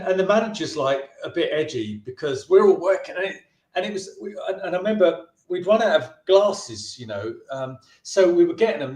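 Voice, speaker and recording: A man with a notably high voice tells a rambling anecdote as an interview guest. He restarts his sentences often and slips into quick impressions of other people. The recording sounds roomy and echoey. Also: a little mellow. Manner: chatty, with frequent restarts and brief put-on voices for the people in his stories. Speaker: filmmaker interviewee. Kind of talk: anecdotal storytelling in a casual interview.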